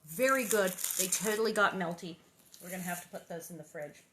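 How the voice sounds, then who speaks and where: A woman's voice: on the low side, fairly quick, fairly bright tone, a little hiss or hum. A woman chatting casually and reading a children's novel aloud, rambling and playful with many asides.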